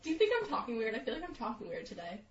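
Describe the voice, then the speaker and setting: A young woman co-hosting a casual chat show, sick and talking in a flat monotone with lots of fillers. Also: a little high, racing. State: sick, congested. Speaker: podcast co-host. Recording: dull, roomy lo-fi recording.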